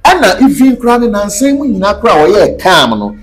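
A Ghanaian-accented man gives emphatic, sermon-like answers as an interview guest. His voice sits high and swings widely in pitch. He mixes Twi and English as he talks. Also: very animated, a little fast. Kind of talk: animated interview talk.

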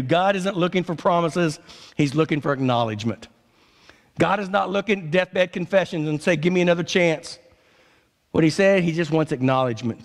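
Man, pastor, sermon, high pitch, gravelly, passionate preaching, long church reverb. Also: lively intonation. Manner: impassioned preaching, swinging between loud declarations and low drawn-out lines.

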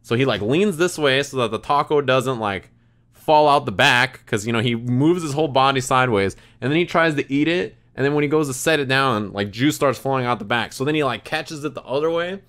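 A man's voice: mid-range voice, a little fast, a bit bright. A man streaming, telling a rambling, laughing story in casual chat, full of "like" and restarts. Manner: rambling, laughing, heavy use of "like".

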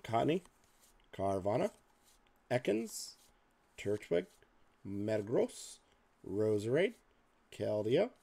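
Gravelly, unhurried man listing cards. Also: lowish voice, very animated, warm tone. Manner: reads off card names in a list, muttering asides. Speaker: card-opening video host. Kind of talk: casual pack-opening commentary.

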